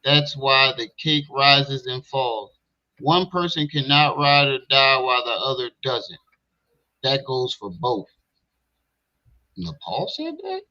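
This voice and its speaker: A man's voice: medium pitch, a little slow, sharp tone, muffled recording. A man hosting a casual reaction stream, bluntly questioning the clip he plays. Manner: blunt, skeptical, talks back at the clip. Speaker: livestream commentator.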